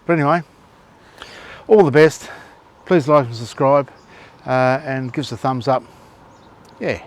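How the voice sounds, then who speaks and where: A man's voice: mid-range voice, a little slow. A man hosting a travel vlog, chatting casually and rambling with lots of ums and uhs, then telling a joke. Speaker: vlog host.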